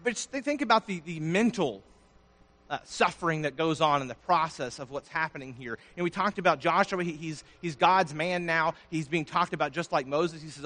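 A man preaching a sermon in a somewhat high voice. He swells loud on key words, then drops almost to a murmur. The result is a pulpit delivery full of emphasis. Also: normal speed. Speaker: pastor.

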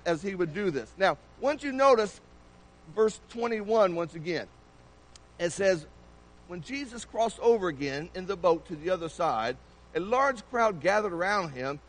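A man's voice: high voice, rough recording. A man preaching a sermon in a church, keeping it conversational and putting many questions to the congregation.

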